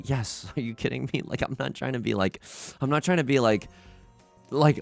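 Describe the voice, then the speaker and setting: A man's voice: medium pitch, moderate pace, gravelly, soft background music. A young man casually commenting on his own game play, rambling and self-mocking with frequent restarts. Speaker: let's play host.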